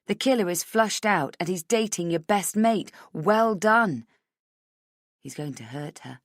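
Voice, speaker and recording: A woman's voice: fairly low pitch, animated, unhurried, dry recording, studio quality. A woman narrating a first-person thriller audiobook in an intimate, inward way.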